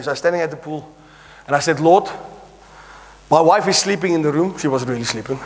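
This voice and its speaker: A man's voice: a little high, fairly quick, big-room sound. A man preaching a sermon as he tells a story, acting out the dialogue with laughing asides.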